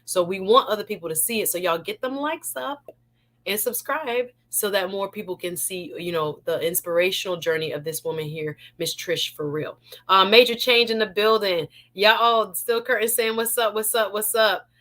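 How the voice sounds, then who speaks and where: A woman's voice: medium pitch, moderate pace. A Jamaican woman hosting a live online talk show, playful and laughing as she greets viewers in the chat. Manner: lively and playful, laughs often, shout-outs to chat.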